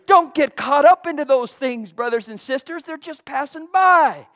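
A pastor delivering a fervent sermon. The delivery rises to loud, ringing exclamations and sinks to hushed near-whispers, with words repeated over and over for emphasis. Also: high-pitched, animated, normal speed. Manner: impassioned, swinging from loud exclamations to hushed asides.

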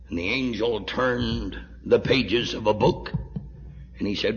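A man preaching a sermon, telling a story dramatically and swinging from hushed tones to shouts. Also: on the low side, unhurried. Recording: dull echoey hall recording.

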